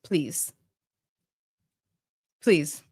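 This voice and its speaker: A woman's voice: extremely slow, a little mellow, no room sound, clean studio sound. A woman hosting a casual commentary video, emphatic and profane, repeating her points. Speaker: host.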